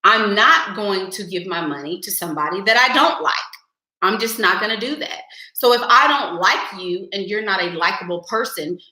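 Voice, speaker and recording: Sassy young woman live streaming advice, bright voice, kinda echoey room. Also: mid-range voice, expressive, moderate pace. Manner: blunt, sassy, addresses viewers as y'all. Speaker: livestream host giving advice.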